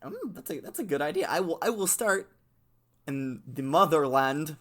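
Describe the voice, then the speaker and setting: A man's voice: high-pitched, big pitch swings, fast talker, fairly bright tone, slightly rough. A man hosting a casual comedic podcast chat, laid-back and chuckling, swearing casually as he talks. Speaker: podcast host.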